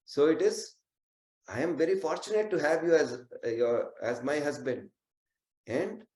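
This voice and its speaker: A man's voice: fairly high pitch, a little mellow, lightly acted. A man voicing a devoted, pleading wife. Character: devoted Brahmin wife offering her life. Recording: roomy echo.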